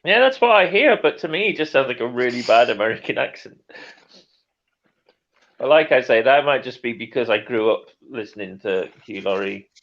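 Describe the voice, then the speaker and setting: A man's voice: medium pitch, a bit bright. A British man in his forties hosting a casual live-stream chat, rambling and hesitant with lots of ums. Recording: muffled lo-fi audio.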